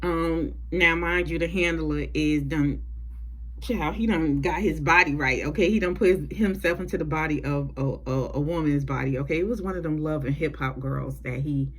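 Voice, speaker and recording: Low husky woman recapping a show. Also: normal speed. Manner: chatty, profane, sassy asides. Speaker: TV recap vlogger. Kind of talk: casual TV episode recap.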